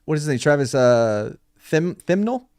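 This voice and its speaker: Podcast host, male, animated joker, dry close sound. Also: fairly high pitch, moderate pace, clean tone, dry recording. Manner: joking, lively banter. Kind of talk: casual chat.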